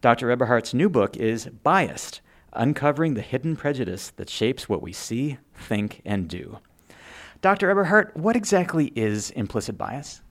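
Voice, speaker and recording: A man hosting an interview, calmly introducing his guest and asking questions. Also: medium pitch, normal speed. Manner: calm, reads guest introduction then asks questions. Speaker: interview host.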